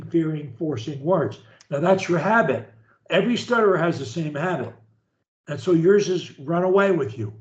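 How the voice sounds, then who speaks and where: A man leading a speech therapy session, modelling short phrases slowly and deliberately for his client to repeat. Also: a little high, roomy sound, highs cut off.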